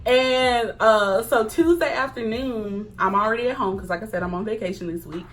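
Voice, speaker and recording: A young woman chatting casually to camera, animated, acting out quoted lines and laughing often. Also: fairly high pitch, normal speed, slight background noise. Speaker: vlogger. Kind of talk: casual storytime chat.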